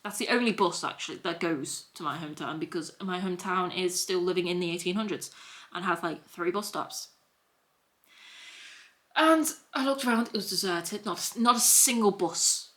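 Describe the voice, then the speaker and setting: A woman's voice: fairly low pitch, moderate pace, fairly bright tone. A young woman with a Scouse accent, telling a story at home in a rambling, repetitive vlog chat. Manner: rambling and repetitive, piling up restarts. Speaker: vlogger. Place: at home, sitting in a hoodie.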